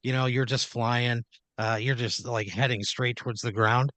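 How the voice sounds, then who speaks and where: A man's voice: medium pitch, fairly even intonation, moderate pace, fairly bright tone, dry recording. Man spinning a profane improvised tale. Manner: rambling, profane, second-person narration with restarts. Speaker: podcast host telling an improvised story. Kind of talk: improvised comedic storytelling.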